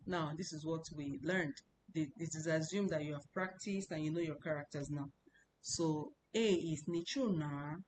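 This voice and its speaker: A woman with a low voice teaches a class, repeating each word and drilling the tones over and over. A faint hiss sits under her voice. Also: normal speed, darkish tone, rough recording. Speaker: language teacher. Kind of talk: classroom lesson.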